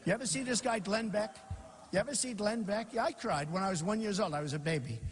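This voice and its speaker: A man's voice: sits high, fast talker, noisy background. A man giving an off-the-cuff campaign rally speech, rambling, repeating himself and mocking opponents in a boastful way. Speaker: political candidate. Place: large rally venue with a crowd. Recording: long hall reverb.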